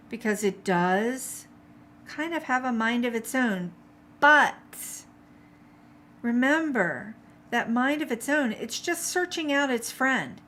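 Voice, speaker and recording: A woman's voice: a little high, fairly bright tone, slight background noise. A middle-aged woman teaching a live watercolor paint-along, chatty and encouraging, reading out viewer comments as she paints. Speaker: art instructor.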